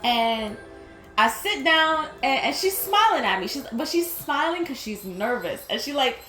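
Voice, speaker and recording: A woman's voice: high-pitched, very animated, unhurried, sharp tone. A young woman telling a work story in a casual rant, candid and exasperated, swearing freely and stumbling over her words. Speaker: vlogger. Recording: roomy echo, faint music.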